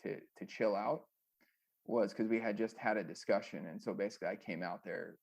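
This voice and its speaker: A man's voice: on the low side, fairly even intonation, fairly quick, creaky, darkish tone, slightly rough. A man, a former music manager, telling rambling stories with many fillers in a casual interview.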